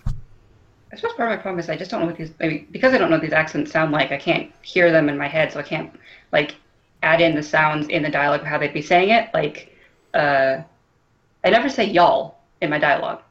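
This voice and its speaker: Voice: medium pitch, a little fast, fairly bright tone, highs cut off. A podcast co-host chatting casually, skeptical and careful when explaining things. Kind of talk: casual chat.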